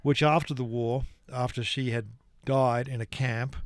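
A man's voice: medium pitch, steady tone, a little slow, no echo. A man co-hosting a casual chat, steering the talk and explaining things at length. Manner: chatty, leads the conversation, explains at length. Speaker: co-host.

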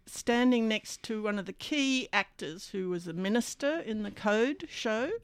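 A woman's voice: medium pitch, animated, unhurried, clear, resonant tone, no room sound. A woman in her sixties telling stories as a guest, chatty and anecdotal, often starting over mid-sentence. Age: 60s. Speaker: guest, actor and musician. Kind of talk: conversational storytelling.

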